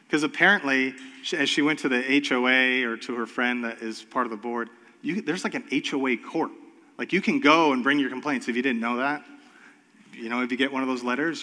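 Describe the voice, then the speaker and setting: Storytelling pastor with a hall echo. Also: male voice, medium pitch, pushed and bright. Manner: storytelling with acted-out voices. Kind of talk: sermon. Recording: long hall reverb.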